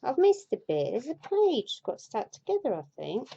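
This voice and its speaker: A woman's voice: high-pitched, wildly swooping pitch, moderate pace, gravelly, mellow, highs cut off, slight background noise. Grumbling, sweary woman storyteller. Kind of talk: comic fairy tale reading with rambling asides.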